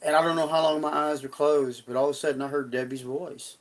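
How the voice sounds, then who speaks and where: A man's voice: on the high side, little pitch movement, quick pace. A middle-aged man on a live stream, telling a personal story in a folksy, rambling way with frequent restarts.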